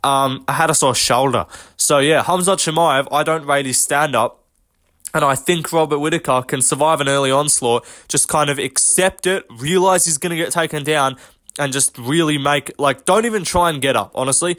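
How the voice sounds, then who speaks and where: A man's voice: a little high, moderate pace, fairly bright tone. A young man giving a casual, sweary MMA reaction with lots of fillers. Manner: loose, sweary banter with frequent fillers. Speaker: MMA commentator.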